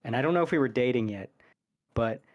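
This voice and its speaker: A man's voice: medium pitch, lively intonation, fast talker, muffled recording. A man chatting casually as a podcast co-host, telling rambling stories between laughs.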